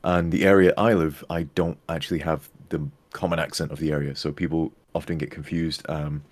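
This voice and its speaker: A man with a northern English accent and a very deep voice chats on a live stream. He jokes and rambles through his explanations. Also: flat delivery, a little fast, dry recording. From North West England. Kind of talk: casual chat on a live stream.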